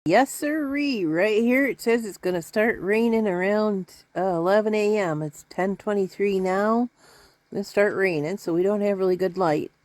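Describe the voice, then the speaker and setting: In a chatty, rambling way, a middle-aged woman vlogs from her home indoors, making self-deprecating remarks to her viewers. She speaks at normal speed in a mid-range, darkish voice, and there's no room sound.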